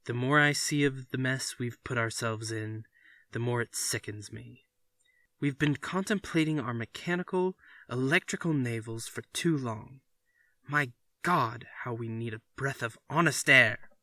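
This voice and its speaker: Resolute storybook father, read by a man, slow, dry delivery. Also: medium pitch, sharp tone, no echo. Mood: stern. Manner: firm, emphatic declarations. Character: stern father, uneasy then firm and forceful. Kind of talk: reading a story aloud.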